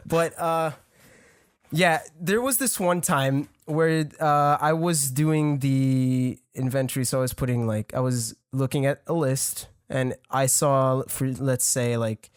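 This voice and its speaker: A man's voice: mid-range voice, slow, smooth, dry recording. Young man, French accent, rambling and swearing, casual podcast storytelling, dry close sound. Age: 20s. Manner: rambling, profane, laughing often. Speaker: podcast guest.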